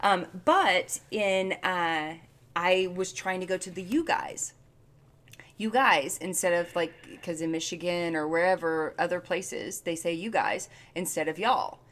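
A woman's voice: lowish voice, steady tone, unhurried, fairly bright tone. A middle-aged woman from the Southern United States co-hosting a podcast in casual, chatty talk, laughing often and restarting her sentences. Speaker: podcast co-host. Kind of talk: casual chat.

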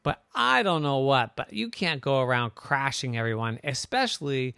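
A man voicing Little Red Riding Hood as a small, plucky girl car in a bedtime story, earnest and squeaky. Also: big pitch swings, moderate pace, creaky, pushed and bright, smooth, no echo, clean studio sound, full character voice. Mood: scolding.

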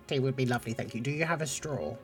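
A man's voice: mid-range voice, fairly quick, fairly bright tone, faint music behind, lightly acted. A man voicing a tiny, damp, frog-like male creature who is timid and polite and stammers a lot. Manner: hesitant, stammering.

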